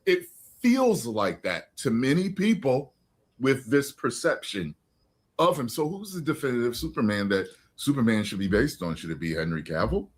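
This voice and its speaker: A man's voice: medium pitch, very animated, moderate pace, slightly rough. A man giving his opinion in a clip, lecturing emphatically and repeating his points.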